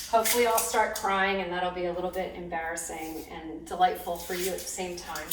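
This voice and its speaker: A woman hosting a casual cooking demonstration in her home kitchen, chatty and upbeat, teary-eyed from cutting onions and laughing at herself. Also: mid-range voice. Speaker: cooking video host. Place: home kitchen, roomy and echoey. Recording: echoey kitchen, mic far off, cooking noise. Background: clatter of knives, pots and dishes.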